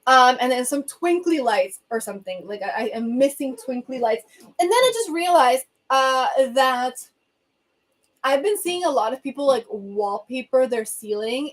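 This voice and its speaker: Bubbly high-voiced Venezuelan woman. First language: Spanish. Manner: bubbly, chatty, quick asides and laughs. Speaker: livestream host. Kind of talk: casual livestream chat reading comments. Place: home reading corner. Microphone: phone.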